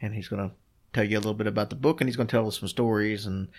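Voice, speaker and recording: A man's voice: lowish voice, fairly even intonation, very fast. A man co-hosting a podcast in easygoing, rambling casual chat, with plenty of fillers. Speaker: podcast co-host.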